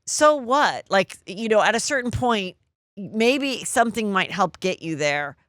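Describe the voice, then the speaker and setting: A middle-aged woman hosting a podcast interview, animated and quick with follow-up questions. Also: medium pitch, dry recording, clean studio sound. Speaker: podcast host.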